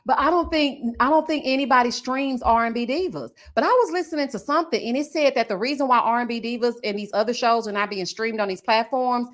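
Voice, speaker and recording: A woman recapping a reality show on her channel, chatting loosely with viewers, reading their comments aloud and laughing often, with drawn-out endearments. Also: on the high side. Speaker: TV recap YouTuber. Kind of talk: casual recap commentary reading live chat.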